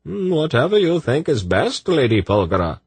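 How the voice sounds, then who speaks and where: A man's voice: mid-range voice, big pitch swings, moderate pace, darkish tone, slightly rough, no room sound, pitched above the performer's own voice. A man voicing a polite, deferential eunuch courtier with a silky manner. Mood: courteous.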